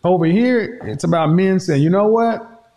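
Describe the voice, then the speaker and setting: A man's voice: sits high, expressive, moderate pace, background noise. A man talking to his audience in an emphatic, preachy commentary, repeating his points for effect. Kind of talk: opinionated commentary monologue.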